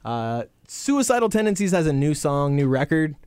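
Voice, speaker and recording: A man's voice: a little high, very animated, normal speed, a little mellow, smooth, dry recording. A man who plays in bands, co-hosting a casual podcast in an easygoing, rambling way with jokey asides. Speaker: podcast co-host, musician. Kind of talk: casual chat.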